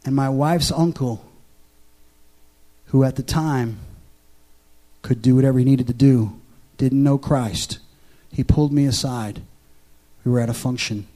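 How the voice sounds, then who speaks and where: Husky-voiced man preaching a sermon. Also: medium pitch. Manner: swings from hushed storytelling to loud exhortation. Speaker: pastor. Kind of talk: sermon with altar call. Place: church service with music behind.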